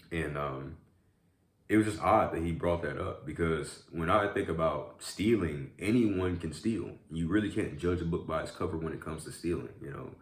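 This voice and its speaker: A man vlogging casually while eating, telling a rambling story full of fillers like "like" and "you know". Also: low-pitched. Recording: echoey room.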